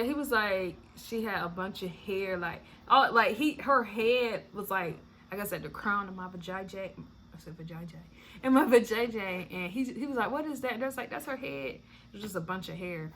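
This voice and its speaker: A woman's voice: mid-range voice, bright, forceful tone, slight background noise. A young woman vlogger telling a candid, chatty story, blunt and swearing freely. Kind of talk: casual story time.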